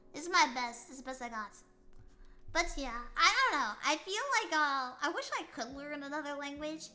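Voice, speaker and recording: A woman streamer with a high, bright, keen voice chats casually with her viewers. She rambles in a playful way and jokes about herself. Faint music plays behind her. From United States. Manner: playful, rambling, self-mocking. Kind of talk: casual live-stream chat.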